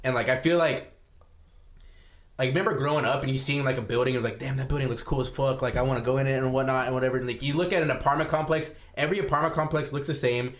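A young man co-hosting a casual podcast, rambling along in a laid-back way and often trailing off. He talks quickly at a medium pitch, and his voice carries a roomy echo. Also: fairly even intonation. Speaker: podcast co-host.

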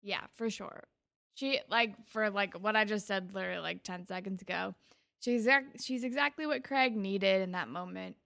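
Brief: woman co-host, mid-pitched voice, relaxed and chatty, filler-heavy recap talk. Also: normal speed, vocal fry. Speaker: podcast co-host. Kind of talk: casual chat recapping a TV episode.

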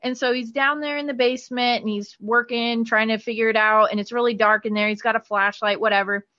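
Woman host spinning a story, bright tone, kinda high, dull lo-fi sound. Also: fairly even intonation, fairly quick. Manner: chatty, lots of "like" fillers. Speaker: podcast host. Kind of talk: casual storytelling.

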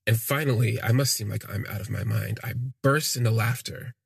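A man with a deep-leaning, very husky voice and a gravelly edge recounts his own story in the first person. He speaks in a halting, reflective way, trailing off and circling back. The sound is close and dry. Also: dry recording. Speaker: podcast storyteller.

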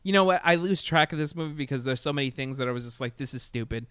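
A man's voice: on the high side, very fast, sharp tone, clear, resonant tone, dry recording, clean studio sound. A middle-aged man chatting casually about a movie, rambling and swearing, laughing often. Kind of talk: casual movie review chat.

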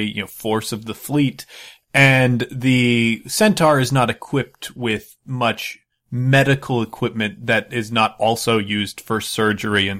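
A man's voice: medium pitch, fairly bright tone. A man running a tabletop game as game master, rambling with many fillers.

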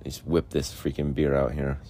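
Low-voiced rambling man, tipsy. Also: little pitch movement, brisk, mellow, slight background noise. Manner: rambling, sarcastic, mumbling at times. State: tipsy, drinking beer. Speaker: podcaster telling a personal story. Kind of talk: rambling casual monologue. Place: outdoors, homeless.

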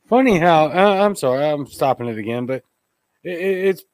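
A man hosting his own podcast and ranting bluntly, his voice pitched a little above the usual male range. The sound is dry and close, with almost no room around it. He stops the clip again and again to jump in with indignant opinions. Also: expressive, moderate pace, a little mellow, dry recording. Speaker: podcast host. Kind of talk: opinionated live podcast commentary.

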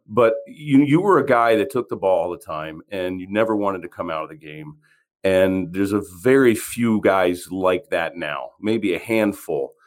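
Low-voiced, reflective male co-host. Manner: measured, reflective, halting. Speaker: co-host, former player. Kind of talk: casual interview.

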